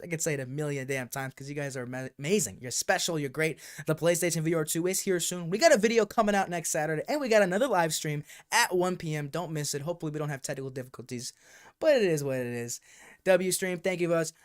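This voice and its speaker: A young man, a gaming streamer, chatting casually and thanking viewers as he signs off a live stream. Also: fairly high pitch. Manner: chatty, repetitive, thankful sign-off.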